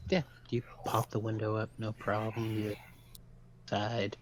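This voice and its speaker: A man narrating as dungeon master of a tabletop game, describing scenes in a relaxed, halting way. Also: on the low side, slight background noise.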